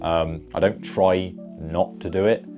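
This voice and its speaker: Low-voiced Bristolian man vlogging. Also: fairly even intonation, unhurried, highs cut off. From Bristol, England. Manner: chatty and upbeat, many fillers and restarts. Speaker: golf content creator. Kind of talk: casual vlog to camera. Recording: faint guitar music behind.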